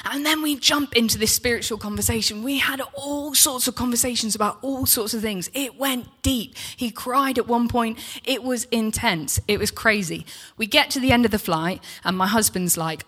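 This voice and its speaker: A woman, preaching in church and telling a personal story in a chatty, animated way, acting out the dialogue. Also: fairly high pitch, moderate pace. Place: church hall.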